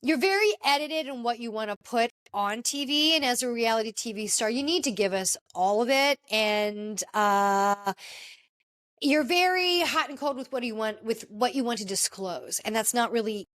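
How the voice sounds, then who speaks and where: Chatty, high-voiced woman podcast host. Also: animated, moderate pace, fairly bright tone. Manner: chatty and gushing, with frequent fillers. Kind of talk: casual commentary on a reality TV reunion.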